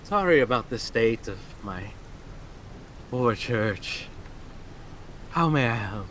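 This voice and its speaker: A man playing a sorrowful elderly village priest who drifts off and repeats himself, with a slow, drawn-out delivery. The voice is bright, and his pitch rises and falls widely. A faint room hum sits behind it. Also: lively intonation. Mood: mournful. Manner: distracted, mournful, repeats himself. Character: grief-stricken old male village priest.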